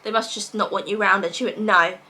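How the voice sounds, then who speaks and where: A young woman from England with a British accent, telling a personal story to camera in a lively way and acting out what others said. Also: medium pitch, fast. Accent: British English. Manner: animated, quotes others in dialogue. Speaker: vlogger.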